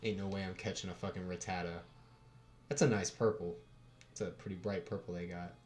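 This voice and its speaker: Chill young western american dude streaming, cusses a lot, kinda low voice, some music in the back. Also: male voice, fairly even intonation, a little fast, a little mellow. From United States. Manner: laid-back, swears casually, chuckles often. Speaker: livestream host. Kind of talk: casual livestream chat.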